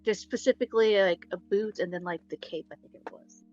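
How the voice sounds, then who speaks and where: A woman's voice: mid-range voice, brisk, a little mellow, lo-fi sound, soft background music. A woman playing in a tabletop role-play game who talks in a hesitant way, full of "like" and restarts. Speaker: player.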